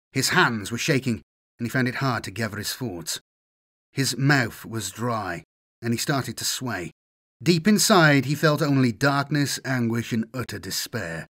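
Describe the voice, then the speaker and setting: Lively male audiobook narrator. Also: mid-range voice. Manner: measured, expressive narration. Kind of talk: dramatic story reading.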